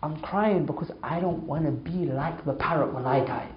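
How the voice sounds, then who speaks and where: A man's voice: moderate pace, close to an everyday voice. A man playing an earnest, grieving older male religious teacher explaining himself sorrowfully. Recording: echoey, dull low-fi sound.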